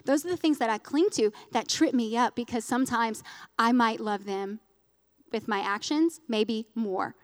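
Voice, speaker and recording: A woman's voice: a little high, big-room sound. A woman in her thirties giving an earnest, emotional personal testimony as part of a sermon, close to tears, with frequent restarts. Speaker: speaker at a church gathering.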